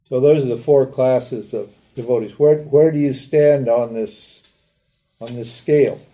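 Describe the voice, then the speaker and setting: Older man, spiritual teacher, live lecture, very warm dark voice, talks casually, asks listeners questions. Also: mid-range voice, unhurried. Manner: conversational, asks rhetorical questions, acts out pleading prayers. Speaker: Vedanta teacher.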